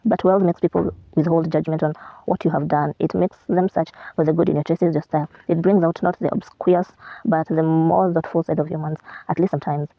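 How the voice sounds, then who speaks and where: A woman reading the lines of a wealthy, gracious British man who speaks slowly and quietly, with a gravelly edge, in a dull, dry recording. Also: low-pitched, steady tone, no echo. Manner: slow, quiet, teasing.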